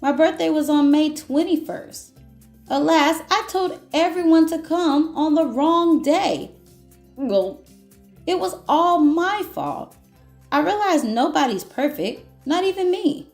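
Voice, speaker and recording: A woman reading aloud as a once-grumpy grape who has learned to forgive, in a gentle, reflective storybook manner. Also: high-pitched, expressive, takes it slowly, roomy sound, faint music behind, full character voice. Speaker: children's book reader. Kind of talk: picture book read-aloud.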